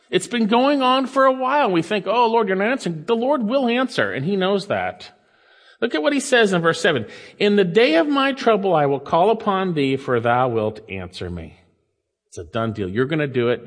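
A male preacher with a fairly high voice, reading scripture aloud and then pressing the point in his own words. He swings between raised, emphatic lines and quiet, low asides. His voice carries a long reverb, as in a large hall. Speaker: pastor. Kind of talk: sermon.

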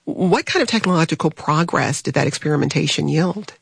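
Husky-voiced radio talk show host. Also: mid-range voice, dry recording. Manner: measured, asks guests questions by name. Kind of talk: hosting a radio discussion.

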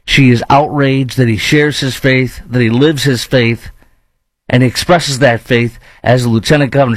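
A man's voice: a little high, no echo, low-quality recording. A man hosting a show of opinionated political commentary, talking in a sarcastic, argumentative way. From lives in Dallas-Fort Worth.

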